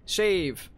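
A man hosting a casual let's-play, excitable and swearing, with sudden loud shouted bursts between muttered remarks. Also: high-pitched. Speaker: gaming host.

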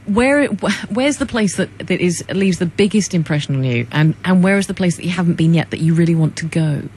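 A woman's voice: lowish voice, lively intonation, brisk, darkish tone, slight background noise. A woman co-hosting a radio show, asking rambling questions and laughing easily. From England. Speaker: radio co-host.

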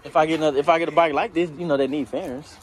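A man's voice: fairly high pitch, rapid-fire. A man with a Dallas accent casually telling a story to friends, acting out what people said and laughing often. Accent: Dallas, Texas. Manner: animated, acts out quotes, laughs often. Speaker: vlogger. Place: outdoors by motorcycles.

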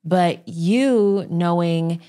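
A woman's voice: fairly low pitch, extremely slow, dark tone. A woman hosting a podcast interview, eagerly recapping her guest's story and prompting her for more. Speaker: podcast host. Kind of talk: conversational interview.

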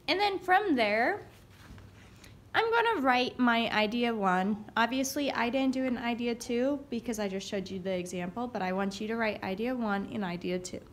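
A young woman teacher giving a recorded writing lesson, saying each word slowly aloud as she writes it down. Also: on the high side, fairly bright tone, slight background noise. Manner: slow, dictating words aloud as she writes. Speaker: elementary school teacher.

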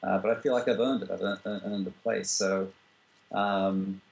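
A screenwriter and director from Australia, answering interview questions in a relaxed way, with frequent fillers and restarts. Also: male voice, low voice, moderate pace, vocal fry, low-quality recording. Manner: relaxed, full of "you know" fillers and restarts.

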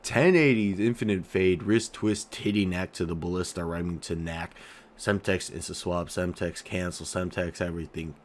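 A young man with a slightly low voice chats casually to his viewers, reading out comments. He jokes and teases crudely, dropping to mumbles and then bursting out loud. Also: moderate pace. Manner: joking, crude, teasing, swings between mumbles and outbursts. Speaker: YouTuber.

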